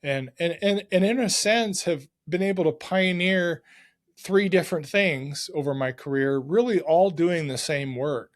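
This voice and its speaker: A middle-aged man, a podcast guest, telling stories from his working life in a casual, excited and energetic way. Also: a little high, measured pace. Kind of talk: casual storytelling.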